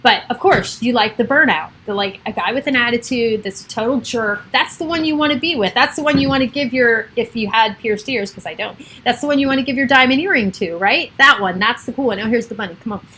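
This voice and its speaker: A woman's voice: a little high, fairly quick, hardly any pauses, pushed and bright, a little hiss or hum, low-quality recording. Chatty middle-aged woman livestreaming from home. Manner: chatty, rambling, laughs often. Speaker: livestream host. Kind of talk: casual chat on a livestream. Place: home with children and pets around.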